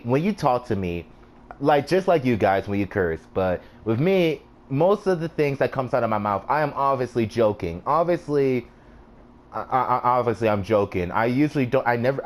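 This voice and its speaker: A man's voice: medium pitch, big pitch swings, normal speed. A man hosting a casual chat, who tells stories and laughs often. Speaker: host.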